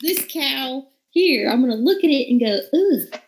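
A woman playing a tabletop game, excitable and playful in casual chat. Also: high-pitched, moderate pace, poor audio. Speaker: player. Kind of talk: casual tabletop role-play.

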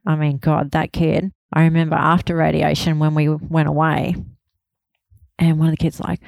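A woman in her thirties, a grieving mother speaking candidly in an interview, halting and laughing softly through painful memories. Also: sits low, gravelly, dry recording. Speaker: interview guest, bereaved mother. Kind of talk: emotional personal interview.

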